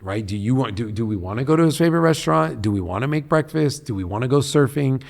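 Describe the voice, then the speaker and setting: A middle-aged man from Long Beach, California, talking as a guest on an interview podcast in an earnest, animated way. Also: medium pitch, quick pace, gravelly. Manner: earnest and animated, often acting out what people say. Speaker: guest, head of a nonprofit.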